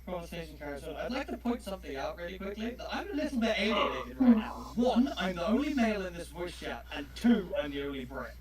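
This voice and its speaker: A man's voice: high-pitched, expressive, fast, hardly any pauses, over a noisy crowd. Swearing, blunt southern English man. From southeast England. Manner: blunt, swears constantly, mock-grumpy. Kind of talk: casual voice chat. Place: online voice call.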